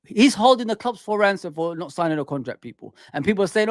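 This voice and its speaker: A man's voice: high voice, very animated, fast talker, no room sound, clean studio sound. A man hosting a football fan channel, ranting heatedly and repeating "man" and "people" at his listeners. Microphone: desk microphone.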